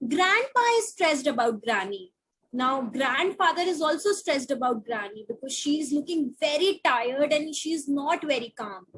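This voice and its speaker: A woman teacher reading a picture book to young children over a video call, asking them slow, coaxing questions. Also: high-pitched, rough recording.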